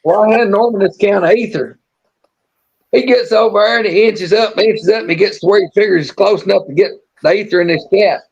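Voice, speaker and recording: A live-show storyteller talks a little fast in a high voice with vocal fry and a breathy edge, drawling through a folksy yarn and restarting his sentences. The casual telling comes through muffled, lo-fi stream audio.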